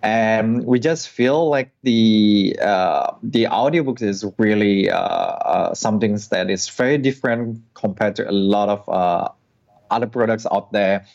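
Male guest, low-ish voice, halting delivery full of fillers, dull lo-fi recording. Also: creaky, a little mellow. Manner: hesitant, many fillers and restarts. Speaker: app founder guest. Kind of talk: interview answers. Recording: dull lo-fi sound.

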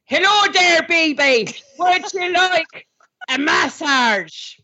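A woman's voice: very high voice, lively intonation, pushed and bright, voice pushed up, exaggerated voice. A woman putting on a coaxing male Irish masseuse. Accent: put-on Irish. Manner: slow, coaxing, exaggerated.

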